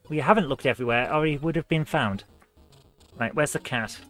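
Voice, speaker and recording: A man's voice: on the high side, brisk, a bit bright, no echo, faint music behind. Chatty gaming streamer, man. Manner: chatty, rambling, self-mocking. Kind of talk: live-stream chat while gaming.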